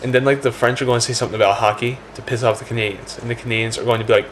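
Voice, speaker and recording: A man's voice: mid-range voice, fairly even intonation, a little hiss or hum. A man rambling through a comic monologue, packing his talk with "like" and "check this out". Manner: rapid, full of "like" and "check this out".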